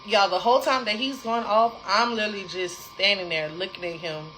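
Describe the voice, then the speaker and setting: A young adult woman casually telling a personal story to her viewers, animated and repetitive, talking straight to the audience. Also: medium pitch, normal speed, slight background noise, low-quality recording.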